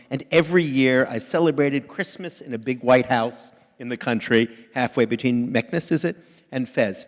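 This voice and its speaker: A man interviewing an author on stage, attentive, laughing often and echoing his guest's words. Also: mid-range voice. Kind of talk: onstage interview. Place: large festival hall on stage.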